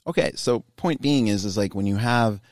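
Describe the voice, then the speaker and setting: A young climbing business owner, appearing as a guest in a casual interview, speaks candidly in a low voice at a normal speed. His thoughts ramble along, packed with fillers. The recording is close and dry, with no sense of the room.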